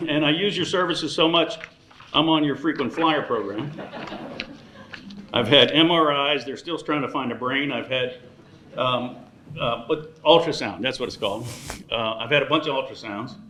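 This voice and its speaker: A man's voice: mid-range voice, normal speed, bright, forceful tone, roomy sound, a little hiss or hum. A man in his sixties giving a joking dinner speech as emcee, teasing the audience between thank-yous. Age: 60s. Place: large banquet room.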